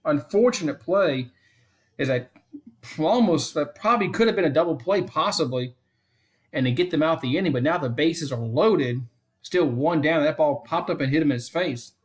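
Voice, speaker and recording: Man calling fan play-by-play. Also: moderate pace. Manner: repeats the count and score often; chats to viewers between pitches. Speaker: fan stream host. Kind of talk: casual play-by-play commentary.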